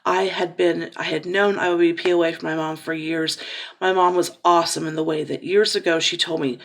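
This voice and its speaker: Gravelly woman in her forties, candid vlog. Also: lowish voice, level tone, normal speed. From Cincinnati, Ohio. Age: 40s. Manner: raw, rambling, emotional, with fillers and restarts. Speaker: vlogger, caregiver daughter.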